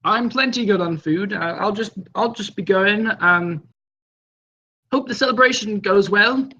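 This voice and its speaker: A man playing a halting, awkward adventurer. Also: sits high, sharp tone, dull audio, pitched above the performer's own voice, exaggerated voice. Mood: polite. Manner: hesitant, halting, full of fillers.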